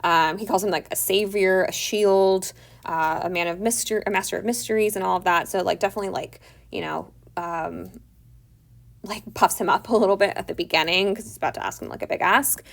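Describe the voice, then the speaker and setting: A woman's voice: medium pitch, brisk, creaky. A woman teaching a literature lesson in a casual, chatty way, full of "like" fillers as she retells the story. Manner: chatty, many "like" fillers, paraphrases characters conversationally. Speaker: teacher summarizing a play.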